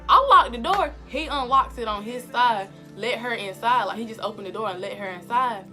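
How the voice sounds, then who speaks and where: A young woman vlogger telling a story in a casual, animated, slangy way. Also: fairly high pitch, normal speed, soft background music. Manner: animated and slangy, acting out the exchanges.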